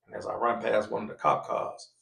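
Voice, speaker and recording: Animated man telling a podcast story. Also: lowish voice, brisk, creaky. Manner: animated, acts out quoted voices loudly. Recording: echoey room.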